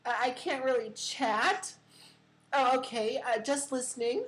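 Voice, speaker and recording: A woman's voice: sits high, a little slow, a bit bright, rough recording. A young woman hosting a casual crypto livestream, giving a chatty market rundown full of fillers. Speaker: livestream host.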